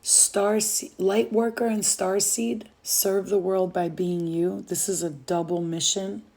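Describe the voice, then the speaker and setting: A woman's voice: mid-range voice, steady tone, slow pace, vocal fry, darkish tone. A woman giving a casual channeled message to the viewer, emphatic and reassuring, swearing freely and repeating phrases for weight. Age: adult with a child. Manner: speaks straight to the viewer, reassuring. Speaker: spiritual reader channeling messages.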